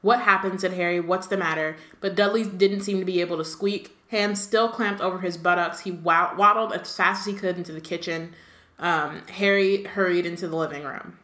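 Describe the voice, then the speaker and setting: A woman's voice: fairly low pitch, fairly even intonation, brisk, fairly bright tone. Woman co-host reading a book aloud, chatty asides, um-heavy, echoey room. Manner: reads a novel aloud with asides, laughs often, says um. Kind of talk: casual read-aloud and chat.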